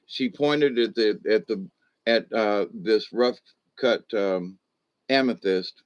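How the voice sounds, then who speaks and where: A man's voice: fairly low pitch, lo-fi sound. Older man rambling through stories. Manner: halting, restarts often, chuckles. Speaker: channel host. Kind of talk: casual rambling storytelling.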